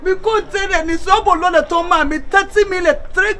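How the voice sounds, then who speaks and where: A Ghanaian woman in a comic skit who complains loudly and dramatically in pidgin English. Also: very high voice, normal speed. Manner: loud, exclamatory, dramatic complaining.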